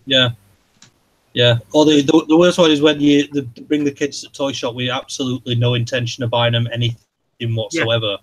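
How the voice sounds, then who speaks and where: A man's voice: medium pitch, steady tone, normal speed, rough recording. A man, hosting a live stream and ranting in casual chat, rambling and swearing as he tells stories.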